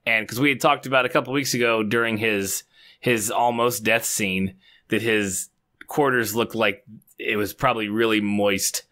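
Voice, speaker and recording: Bright-voiced dad podcaster, male. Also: on the low side, steady tone, normal speed. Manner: chatty, offhand, swears casually. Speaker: podcast co-host. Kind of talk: casual chat.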